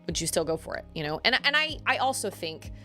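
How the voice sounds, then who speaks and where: A woman's voice: lowish voice, sing-song, quick pace, bright, forceful tone, faint music behind. A woman livestreaming, chatting casually and rambling as she reacts to her viewers. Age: adult parent. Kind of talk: casual chat.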